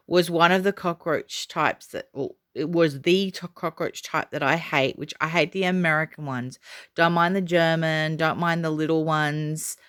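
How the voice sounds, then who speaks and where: A woman vlogger telling a story casually to camera, chatty and excitable with many fillers. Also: lowish voice, clean tone. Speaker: doll collector vlogger.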